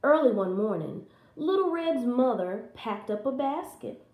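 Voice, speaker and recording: Slow, animated woman reading a story. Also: a little high, echoey room, narrow, tinny audio. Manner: slow, expressive.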